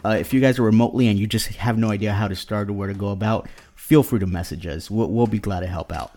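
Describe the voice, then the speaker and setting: A man in his thirties chatting on a home podcast mic. His voice sits on the low side, and he rambles along, restarting his sentences and leaning on fillers. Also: fast talker, a little mellow. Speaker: podcast co-host. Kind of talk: casual podcast chat.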